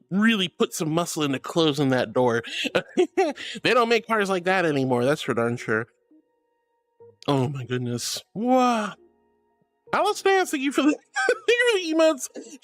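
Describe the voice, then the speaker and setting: A man with a high, swooping voice chats casually through a livestream, reading viewers' messages aloud. He is giggly and teasing, and he calls everyone sweetie and honey. Faint music plays under his talk. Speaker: VTuber streamer.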